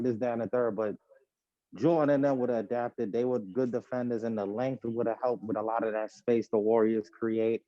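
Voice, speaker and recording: A man co-hosting a podcast, giving his take on basketball in a measured, casual way, often checking in with "right?". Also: no room sound. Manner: measured, hedging with "right?" and "you know". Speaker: podcast co-host. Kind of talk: casual sports debate. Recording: dull low-fi home podcast audio.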